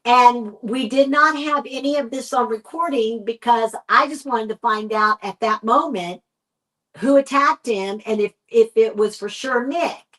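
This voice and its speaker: A woman with a Texan accent recounts a paranormal encounter at an unhurried pace. Her voice sits fairly high, and she slips into the quoted lines as she tells it. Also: poor audio. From United States. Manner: animated retelling, acting out quoted dialogue. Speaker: guest paranormal investigator. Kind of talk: storytelling in a podcast interview.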